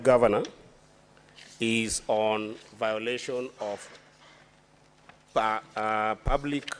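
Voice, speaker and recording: Deliberate Kenyan man, lower voice. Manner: deliberate, halting, with frequent fillers and restarts. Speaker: senator questioning a witness. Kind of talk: formal questioning at a hearing. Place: senate chamber.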